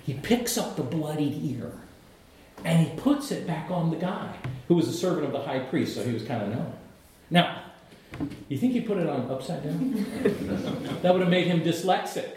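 A middle-aged male pastor preaching with lively storytelling and playful asides. His voice sits a bit high for a man and booms through a very echoey sanctuary, with a faint murmur of room ambience. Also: moderate pace, long pauses, a little hiss or hum. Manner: animated storytelling with humor and asides. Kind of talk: sermon. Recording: echoey church hall.

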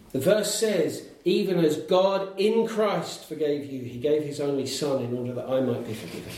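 A man preaches a sermon in a church hall, building his case point by point and asking the congregation rhetorical questions with emphatic delivery. His slightly high voice comes from some way off the microphone, and the hall echoes heavily around every phrase. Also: moderate pace, hardly any pauses, darkish tone, recorded from a distance. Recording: very echoey hall, picked up from afar.

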